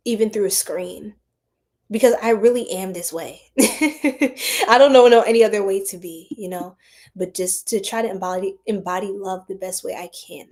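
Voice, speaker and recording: A woman's voice: mid-range voice, darkish tone. A young woman hosting a psychic livestream, chatting casually, reading comments, greeting viewers by name and laughing often.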